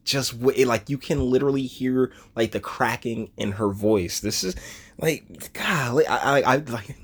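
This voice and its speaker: A man's voice: medium pitch, animated, measured pace, slightly rough. A man giving casual, mocking reaction commentary on a video, laughing often and stumbling over his words.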